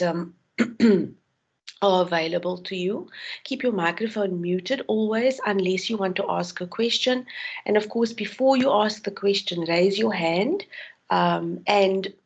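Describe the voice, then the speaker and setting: A woman's voice: medium pitch, breathy edge, highs cut off. A woman from South Africa, a university tutor giving an online tutorial, explaining with frequent ums and restarts.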